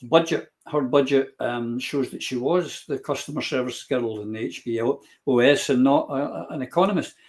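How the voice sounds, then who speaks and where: A man's voice: mid-range voice, moderate pace, few pauses, darkish tone. Blunt man mocking politicians. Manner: blunt, mocking, stumbles and restarts. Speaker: panel host. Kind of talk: political discussion.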